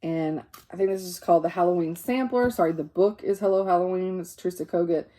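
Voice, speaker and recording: Woman, low-pitched, tired, rambling show-and-tell chat, self-correcting. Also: fast talker, warm tone. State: tired and yawning. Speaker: cross-stitch vlogger showing works in progress.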